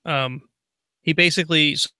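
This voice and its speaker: A man's voice: fairly high pitch, fairly even intonation, moderate pace, bright, forceful tone, smooth, no echo, studio quality. A man co-hosting a casual tech podcast, telling rambling stories and laughing often. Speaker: podcast co-host. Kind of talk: casual chat.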